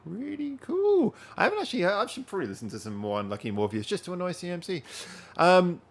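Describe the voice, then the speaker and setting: A man's voice: high-pitched, huge pitch swings, quick pace, a bit bright. A man hosting a casual live-stream chat from home, rambling and chatting directly to his viewers. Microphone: wearing headphones.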